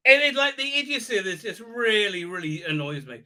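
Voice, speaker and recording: High, bright-voiced sarcastic man. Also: expressive, brisk, few pauses. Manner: sarcastic, crude, frequent "uh, uh" fillers. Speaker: host. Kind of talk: mocking live commentary with silly put-on voices.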